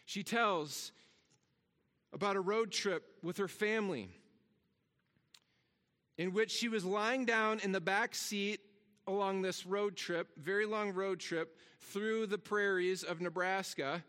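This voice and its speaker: A man preaches from the pulpit with a high, bright, forceful voice that climbs when he presses a point. He repeats his words as he builds. The sound carries a long reverb from a large church hall. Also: takes it slowly. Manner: earnest, repeats words, rises in pitch for emphasis. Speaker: pastor. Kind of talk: sermon.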